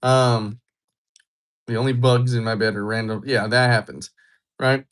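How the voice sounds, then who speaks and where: A man's voice: mid-range voice, fairly even intonation, unhurried, fairly bright tone. Laid-back man chatting on a livestream. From Georgia, USA. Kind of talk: casual live-stream chat reading viewer comments.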